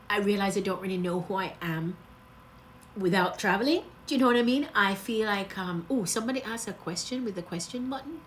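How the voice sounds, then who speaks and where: A woman talks to viewers on a casual livestream, gushing and laughing as she rambles from thought to thought. She sounds emotional and close to tears, at a middle pitch. A faint noise sits behind her phone recording. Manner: gushing, chatty, laughs often. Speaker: travel vlogger.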